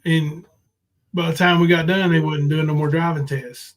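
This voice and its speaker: Rambling, higher-voiced man. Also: flat delivery, normal speed. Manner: rambling, hesitant, with many fillers. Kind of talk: casual livestream chat.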